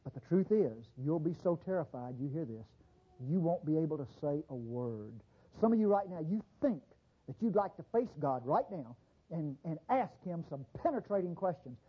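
A man preaches a fervent sermon, his voice climbing high and swinging widely as he presses each point. The tone is husky and a little breathy. The recording sounds dull and lo-fi. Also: big pitch swings, moderate pace.

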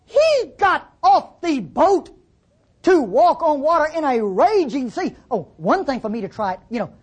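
A woman's voice: fairly high pitch, darkish tone. A woman preaching a sermon in a conversational, teasing way, full of rhetorical questions.

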